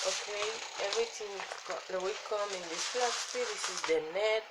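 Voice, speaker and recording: Woman wig vlogger, slow and exasperated, clear room noise underneath. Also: mid-range voice, fairly even intonation. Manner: exasperated, sighing, slow rambling chatter. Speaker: wig reviewer. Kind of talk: casual product review. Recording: noticeable background ambience noise.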